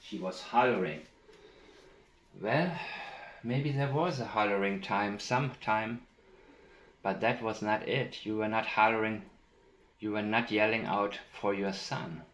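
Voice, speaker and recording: Guy breaking down interview clips, low voice, slow and emphatic, roomy echo. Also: a bit bright. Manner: deliberate, emphatic, repeats key phrases. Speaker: commentator analyzing interview clips. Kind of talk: analytical commentary with played clips.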